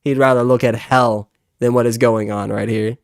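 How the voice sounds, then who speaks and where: A man's voice: medium pitch, fairly even intonation, moderate pace, dry recording. A man in his twenties with a heated, profane, exasperated way of talking as he hosts a reaction video. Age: 20s. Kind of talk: ranting reaction commentary.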